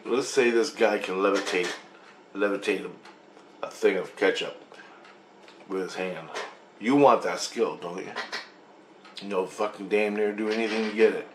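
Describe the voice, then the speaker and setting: A man's voice: on the low side, fairly bright tone, echoey room, a little hiss or hum. A man telling a long, rambling story in a monologue, swearing freely and restarting sentences. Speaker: vlogger recounting a dream.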